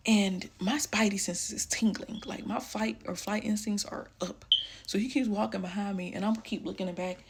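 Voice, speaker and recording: A young woman telling a personal story casually, full of "like", often dropping into a hushed voice. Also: mid-range voice, fairly even intonation, normal speed, gravelly, very noisy. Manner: casual, fillers like "like", drops to hushed tones.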